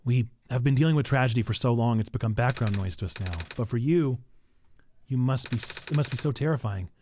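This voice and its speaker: A man voicing a solemn, apologetic librarian who speaks low and hushed. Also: fairly quick, slight background noise, natural voice.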